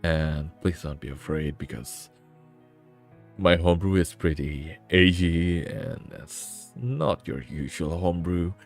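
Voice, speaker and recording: A man putting on a deep, slow, smooth voice as a suave male stream host. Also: faint music behind.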